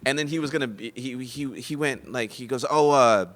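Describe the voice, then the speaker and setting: A man hosting a podcast in casual chat, telling rambling stories full of restarts and fillers, getting loud and high-pitched when excited. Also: fairly quick. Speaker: podcast host. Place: comedy club.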